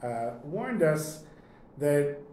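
A man teaching a lesson, telling a long story in a relaxed, conversational way and often clearing his throat. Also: on the high side, very slow. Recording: echoey room, faint noise.

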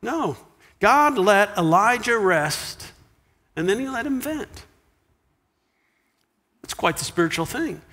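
A man preaching a sermon as pastor, animated, dropping to a hush for quiet lines. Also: high voice, slow pace, pauses often, big-room sound. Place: church sanctuary.

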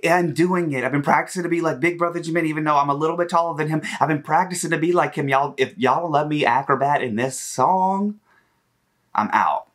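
A man's voice: fairly high pitch, fairly quick, fairly bright tone, natural voice. A man voicing an eager young male idol who brags playfully about his dance moves. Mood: boastful. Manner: boastful, playful.

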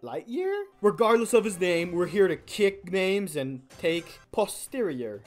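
Playful young woman with a low voice. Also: big pitch swings, a little slow, hardly any pauses, soft background music. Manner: playful, jokey and self-mocking. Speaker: gaming channel host. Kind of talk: casual gameplay commentary.

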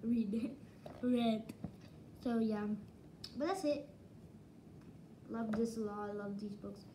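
A woman giving a casual book review, retelling the story excitedly with many restarts and false starts. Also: medium pitch, slow pace, noisy background.

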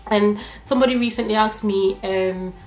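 A woman's voice: medium pitch, steady tone, moderate pace, a little mellow. A young woman vlogger answering viewer questions in a casual, candid chat, a little nervous about talking about herself. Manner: chatty and candid, laughs often, many fillers. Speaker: beauty vlogger. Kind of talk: casual get-to-know-me Q&A. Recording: echoey room with faint music.

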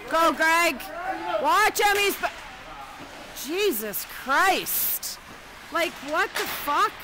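High-pitched woman cheering from the stands. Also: very slow, background noise. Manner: teasing, excitable, cheers players by name. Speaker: spectator. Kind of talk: sideline cheering and commentary.

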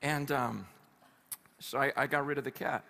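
A male pastor preaching at a conference, telling stories in an animated, conversational way with humor. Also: mid-range voice, moderate pace, vocal fry. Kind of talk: conference sermon. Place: live conference hall.

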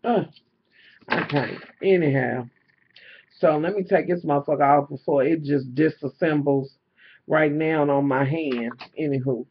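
Filming a vlog at home, a jewelry-selling man talks casually to his camera, exasperatedly venting, swearing freely and using plenty of fillers. He speaks unhurriedly in a slightly high voice. The indoor camera-mic audio is dull and lo-fi, with slight background noise.

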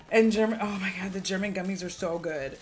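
A woman's voice: medium pitch, brisk, faint music behind. A woman chatting in a casual beauty haul vlog, gushing and playful with lots of asides. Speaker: beauty vlogger. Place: at home.

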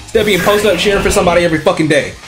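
A man streaming a video game, reacting with excitable, profane commentary and mocking the characters. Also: high-pitched, racing, over music. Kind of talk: let's play commentary.

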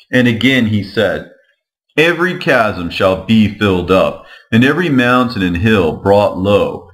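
Male scripture reader, slightly low voice, slow, solemn and measured delivery.

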